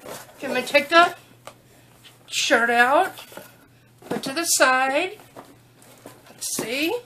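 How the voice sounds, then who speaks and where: A chatty woman unboxes a package in a casual vlog. Her voice sits very high and she talks at a slow, unhurried pace, stopping now and then to coax her dog. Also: pushed and bright, a little hiss or hum. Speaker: unboxing vlogger.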